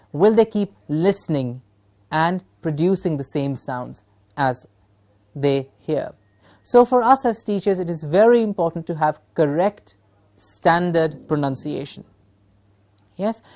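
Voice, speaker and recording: Woman, pronunciation teacher, lecturing a class, checks in with questions, lowish voice. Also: darkish tone. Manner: explanatory, asks rhetorical questions and checks with "yes?".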